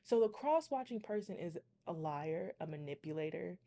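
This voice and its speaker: A woman's voice: on the low side, lively intonation, moderate pace, mellow. A young woman who reads tarot, telling a story to her viewers in a chatty, dramatic way. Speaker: tarot reader and channel host. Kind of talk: casual storytime.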